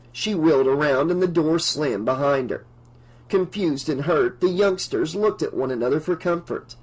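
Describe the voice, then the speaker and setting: A man narrating an unabridged novel audiobook in a steady storytelling manner. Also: on the high side, normal speed, husky, low-quality recording.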